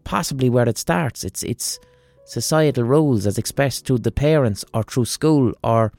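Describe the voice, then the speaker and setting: A man, a podcast host giving an animated monologue and acting out the voices he quotes. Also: medium pitch, moderate pace, creaky, no room sound.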